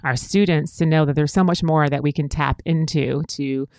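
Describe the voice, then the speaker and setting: A woman's voice: deep voice, fairly even intonation, normal speed, a little mellow, dry recording. Chatty reflective woman hosting a show. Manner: reflective, chatty, lots of likes and fillers. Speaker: show host. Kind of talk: casual conversational chat.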